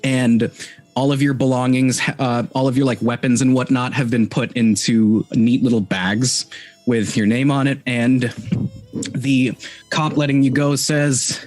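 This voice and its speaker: Guy running a tabletop game, mid pitch, lots of uh and restarts, faint music under. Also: steady tone, a little slow, a little mellow, no room sound. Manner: rambling with many fillers and restarts. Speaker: game master.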